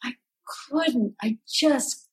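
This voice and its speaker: A woman artist from the Midwest, telling animated, self-mocking stories in an interview. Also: on the high side, slow, slightly rough, low-quality recording. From American Midwest. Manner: animated, self-mocking, acts out voices, many restarts. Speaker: artist recalling her early work. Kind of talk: storytelling interview answers.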